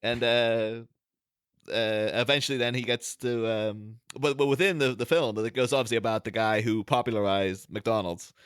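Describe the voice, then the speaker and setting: A man co-hosts a chatty podcast, wandering through his thoughts with many fillers and restarts. His voice sits at a middling pitch, and the recording is close and dry. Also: steady tone, moderate pace, smooth, no room sound. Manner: rambling, many fillers and restarts, laughs often. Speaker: podcast co-host. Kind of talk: casual chat.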